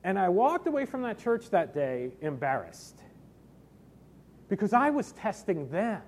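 A man's voice: sits high, sing-song, a little slow, slight background noise. A middle-aged man preaching a sermon, telling personal stories with self-deprecating humor. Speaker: pastor.

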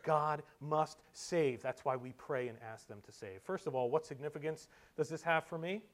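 High-voiced preacher with dramatic swings. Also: male voice, normal speed. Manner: swings from loud emphatic preaching to quiet asides. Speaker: pastor. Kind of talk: sermon.

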